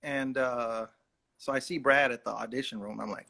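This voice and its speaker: Male actor guest, mid pitch, some vocal fry, loose rambling anecdote with lots of "um"s. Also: fairly even intonation, normal speed, pushed and bright, no room sound. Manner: chatty, rambling storytelling with hesitant fillers. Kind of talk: casual anecdote in a live Q&A.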